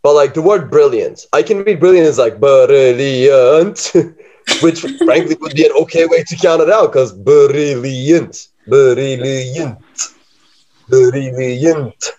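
A man's voice: a little high, lively intonation, normal speed, a little mellow. A man co-hosting a casual podcast about poetry, playful, laughing often and drawing words out. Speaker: podcast co-host. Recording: dull lo-fi podcast audio.

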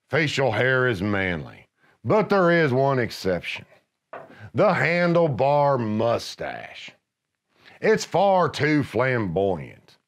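A middle-aged man narrating scripted comedy with gruff, deadpan macho pronouncements. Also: medium pitch.

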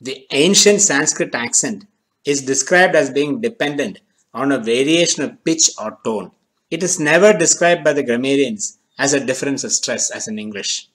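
Man narrating a measured language lesson. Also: medium pitch, fairly bright tone, poor audio. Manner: measured, deliberate delivery, slowing on key terms. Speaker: language teacher.

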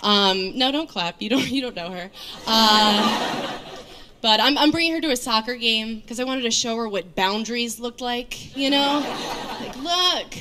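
A woman in her thirties from New York doing a stand-up set on stage, with a deadpan, self-mocking delivery full of fillers. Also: a little high, normal speed, slight background noise. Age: 30s. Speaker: stand-up comedian. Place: comedy stage before a live audience. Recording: live show with crowd laughter. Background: audience laughter.

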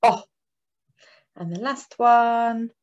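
A woman teaching phonics to young children, lively and encouraging, sounding out letters slowly. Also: medium pitch, muffled recording. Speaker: early years teacher. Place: classroom or home table.

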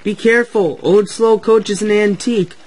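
A man's voice: fairly high pitch, a little slow, darkish tone. Percy, a man doing a polite little engine. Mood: earnest. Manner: polite, defending others. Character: small, kind male tank engine.

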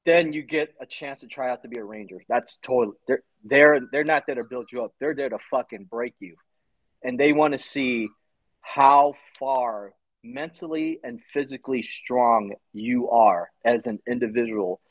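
A man's voice: medium pitch, moderate pace, no room sound, lo-fi sound. A man in his forties, a former Army Ranger, telling his story in a casual interview, blunt and swearing freely. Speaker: podcast guest, Army Ranger veteran.

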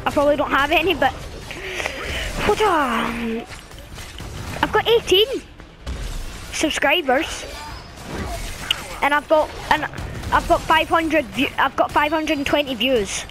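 A woman's voice: high voice, expressive, slow, pauses often. A woman giving casual running commentary while playing a video game, chatting and chanting commands at the screen. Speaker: gaming channel host. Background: game music.

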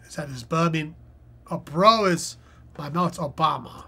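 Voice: mid-range voice, normal speed, sharp tone, slightly rough. A live-stream host chatting casually and reading puzzle clues aloud as they think, with lots of fillers. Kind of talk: casual live-stream commentary while solving a crossword.

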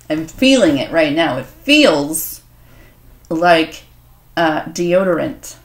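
A woman's voice: low-pitched, slow pace, pauses often, noisy background. Crude-joking woman vlogger in an echoey room. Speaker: author and video host. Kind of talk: casual unboxing vlog.

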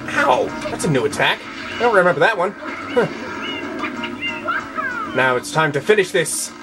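A man's voice: high-pitched, very animated, normal speed, rough recording. A young man commenting on a video game as he plays, frustrated and swearing, with game music behind him. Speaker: let's play gamer.

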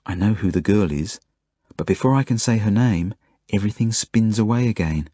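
A man reading an audiobook as a first-person narration, in plain, measured storytelling. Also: lowish voice, lively intonation, mellow, husky, dry recording, studio quality. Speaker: audiobook reader.

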